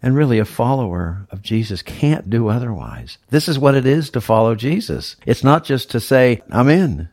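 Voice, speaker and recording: A man's voice: medium pitch, sing-song, normal speed, few pauses, darkish tone, dry recording, clean studio sound. A male pastor preaching a sermon, teaching verse by verse in an emphatic, explaining way. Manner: teacherly, emphatic, walks through scripture verse by verse.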